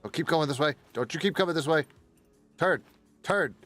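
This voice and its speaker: A man's voice: on the high side, normal speed, a bit bright, soft background music. A man giving casual running commentary while playing a survival game, muttering and swearing under his breath as he sneaks along. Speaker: gaming streamer.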